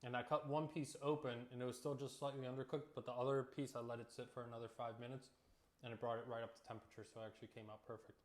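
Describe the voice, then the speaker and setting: A man hosting a casual cooking vlog, telling relaxed, joking stories as he cooks and eats in his home kitchen. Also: medium pitch, racing. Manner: relaxed storytelling with jokes. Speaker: cooking vlogger.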